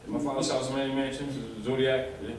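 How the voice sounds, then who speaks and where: A man giving an animated, rambling informal lecture to a small group, restarting his sentences as he goes. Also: medium pitch, fairly quick. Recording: echoey room, mic far off, faint noise.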